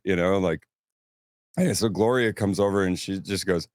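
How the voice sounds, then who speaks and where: A man's voice: low voice, lively intonation, normal speed, no echo, studio quality. A man casually telling rambling, profanity-laced stories about touring. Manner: rambling storyteller, swears freely. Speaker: touring band crew member. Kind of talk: casual podcast chat.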